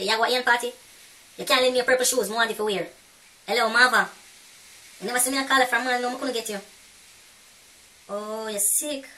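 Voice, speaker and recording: A woman playing a brash young Jamaican woman in a comedy sketch, gossiping in loud, sassy patois, recorded from a distance off the mic. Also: medium pitch, slight background noise, natural voice.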